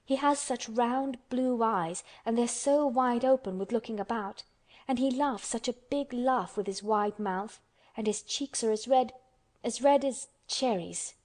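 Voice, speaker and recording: A woman's voice: fairly high pitch, measured pace, a little mellow, close to an everyday voice. A woman voicing a blunt, stubborn young orphan girl who speaks earnestly in a storybook. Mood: eager. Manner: earnest, contrary storybook telling.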